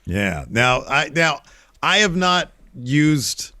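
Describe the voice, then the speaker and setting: A man's voice: a little high, sing-song, slow pace, pushed and bright, dry recording, clean studio sound. A man in his thirties co-hosting a casual podcast, chatting in a rambling, self-mocking way. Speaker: co-host.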